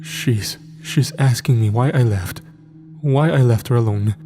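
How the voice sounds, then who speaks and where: A man's voice: mid-range voice, unhurried, dark tone, soft background music, natural voice. A man doing a stammering, terrified young soldier. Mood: panicked. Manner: trembling, stammering whisper. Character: terrified young male soldier, haunted and breaking.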